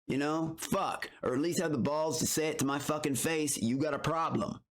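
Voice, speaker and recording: A man's voice: a little high, fairly even intonation, moderate pace. Heated, rambling male streamer. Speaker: streamer reacting to recaps. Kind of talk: casual reaction commentary.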